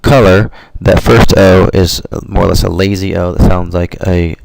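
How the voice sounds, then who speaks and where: A man teaching Spanish vocabulary over a slideshow in a relaxed, explanatory way, correcting himself as he goes. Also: deep voice, normal speed, creaky. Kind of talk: slideshow language lesson.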